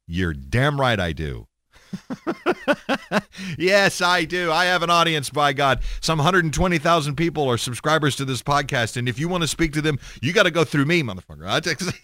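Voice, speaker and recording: A man's voice: fairly high pitch, expressive, normal speed, pushed and bright, no echo, clean studio sound. A man hosting a podcast, talking in a blunt, rambling casual monologue with plenty of swearing and restarts. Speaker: podcast host.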